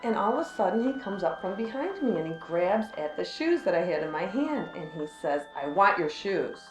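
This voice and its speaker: Lively, laughing woman telling a story. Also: mid-range voice, brisk, reverberant, faint music behind, poor audio. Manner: animated, laughs often, acts out quotes. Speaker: storyteller among friends. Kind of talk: casual personal anecdote.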